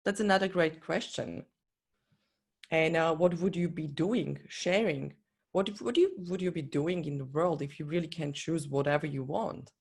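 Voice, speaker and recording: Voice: mid-range voice, normal speed, creaky, breathy edge. A coach giving an earnest, encouraging motivational talk in non-native English, speaking straight to the listener. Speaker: business and life coach.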